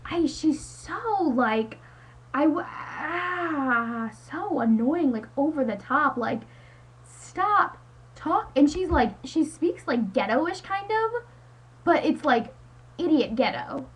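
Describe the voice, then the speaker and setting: Very animated yet slow, the high-pitched voice belongs to a teenage high school student ranting at her webcam from home. She's exasperated and rambling, leaning heavily on "like," and the rough recording carries slight background noise.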